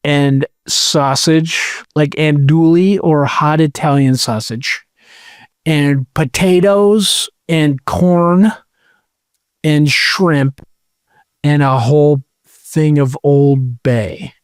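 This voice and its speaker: A man with a smooth, clear voice slightly higher than most chats as a podcast co-host, rambling in a jokey, animated way and speaking extremely slowly. The casual chat sounds dry and close, with no room sound.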